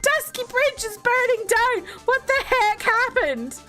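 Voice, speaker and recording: Woman doing a pushy, excitable young sidekick, high and bouncy, for a video game. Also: takes it slowly, full character voice. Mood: alarmed.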